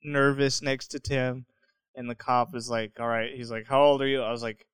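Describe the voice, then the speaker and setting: A man's voice: medium pitch, moderate pace, clean tone, no echo. A young man telling a story in casual chat, laughing often and acting out what people said. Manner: animated, laughing often, acts out quotes.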